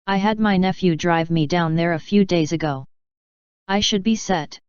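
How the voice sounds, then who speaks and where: A woman reading the lines of a kindly, proud older man who gently waves off worry. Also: lowish voice, moderate pace, clean tone, dry recording, muffled recording, natural voice. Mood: gentle. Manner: gentle, brushes off concern.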